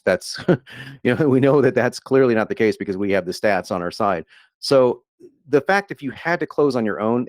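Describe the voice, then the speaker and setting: Excitable man pitching with lots of restarts. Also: no echo, studio quality. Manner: excitable, rambling with restarts and laughs. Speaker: guest copywriter. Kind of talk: enthusiastic sales pitch on a webinar.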